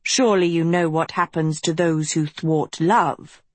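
A woman voicing a decayed, sinister old male schoolmaster, speaking low, slow and cold in an audiobook. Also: steady tone, no room sound. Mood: coldly mocking. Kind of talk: audiobook reading.

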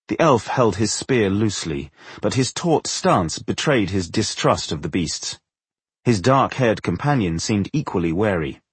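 Male fantasy narrator: husky, low, very animated delivery, recorded dry. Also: a little slow, no room sound. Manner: expressive storytelling. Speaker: audiobook narrator.

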